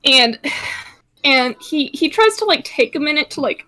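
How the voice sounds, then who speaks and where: A woman's voice: sits high, expressive, moderate pace, sharp tone, low-quality recording. A woman playing in a tabletop game, thinking aloud hesitantly as she describes her character. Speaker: player. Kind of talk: casual play in a tabletop game.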